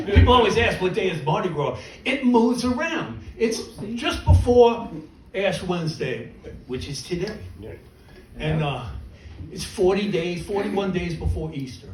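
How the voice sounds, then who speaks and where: Middle-aged male comedian, self-mocking, lively swooping voice, echoey club from afar with crowd laughing. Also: high voice, a little slow, recorded from a distance. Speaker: stand-up comedian. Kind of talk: stand-up comedy set.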